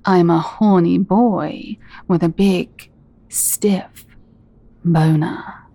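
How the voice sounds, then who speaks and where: A woman performing a scripted dominant audio role-play, speaking in a teasing, commanding way and often dropping into soft whispers. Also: lowish voice, steady tone, no room sound. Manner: teasing, commanding, slow and deliberate; soft-spoken, drops into breathy whispers.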